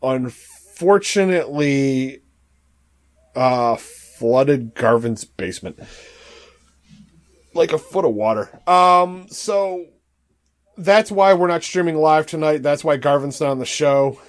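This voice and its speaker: A man co-hosting a wrestling podcast in casual chat, relaxed and filling his pauses with "uh" and "um". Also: fairly high pitch. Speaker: podcast co-host.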